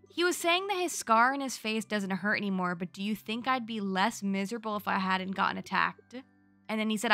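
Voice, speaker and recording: A young woman narrating a recap of her gameplay in a chatty, gushing, animated way, close to the microphone. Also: mid-range voice. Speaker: gaming YouTuber.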